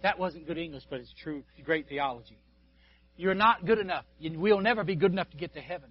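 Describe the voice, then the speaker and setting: A man with a fairly high voice preaches a sermon in a folksy storytelling manner, throwing in asides to the pastor and the congregation. He swings from loud exhortation down to hushed, quiet moments. The recording sounds dull and lo-fi. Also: fairly quick. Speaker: guest preacher.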